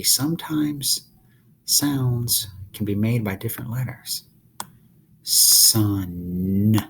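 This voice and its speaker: A man teaching young children, sounding out letters slowly and asking them questions as he draws. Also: medium pitch, gravelly, a little hiss or hum. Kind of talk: slow children's phonics lesson while drawing.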